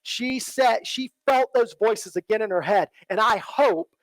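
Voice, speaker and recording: A man with a high-pitched voice preaches a sermon in earnest, circling back to the same phrases. He often checks in with "right?" and goes quiet and low for quoted lines. The sound is dry and close. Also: a little slow, dry recording, rough recording. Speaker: pastor. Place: church.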